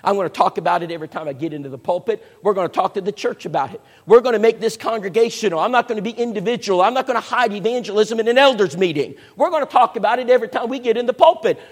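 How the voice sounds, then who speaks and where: Folksy high-voiced preacher in a hall. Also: male voice, expressive, fast, hardly any pauses, husky. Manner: folksy, conversational storytelling. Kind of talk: sermon storytelling.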